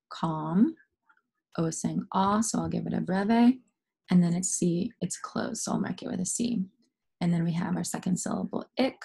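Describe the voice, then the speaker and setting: A woman's voice: lowish voice, gravelly, darkish tone, slightly rough. A young adult woman teaching a phonics lesson to young students, patient and encouraging as she goes step by step.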